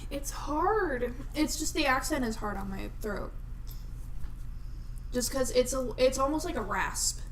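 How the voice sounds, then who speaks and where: A young woman co-hosting a podcast in casual chat, talking freely with plenty of "like" fillers and clearing her throat now and then. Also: high voice, expressive, measured pace, slight background noise, poor audio. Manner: chatty, lots of "like" fillers. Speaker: podcast co-host.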